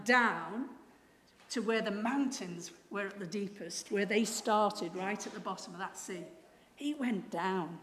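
A woman preaching a sermon, telling a story and swinging from hushed to loud. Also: medium pitch. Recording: echoey hall, faint noise.

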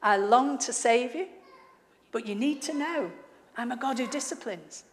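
A woman's voice: on the high side, a little slow, lightly acted. A woman voicing God as a firm, tender fatherly figure who corrects a wayward man, in an echoey hall. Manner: firm, admonishing.

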